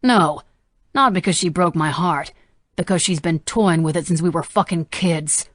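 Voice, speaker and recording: A woman's voice: lowish voice, moderate pace, no echo, clean studio sound, close to an everyday voice. A woman voicing a jittery, menacing young man in an audiobook, delivering sneering, foul-mouthed threats. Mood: threatening.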